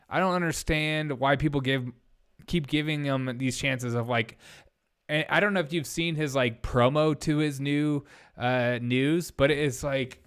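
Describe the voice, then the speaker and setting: Rambling young man, smooth clear voice. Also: on the high side, a bit bright. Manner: blunt, rambling, reads chat aloud. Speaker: live-stream host. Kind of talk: casual live-stream chat.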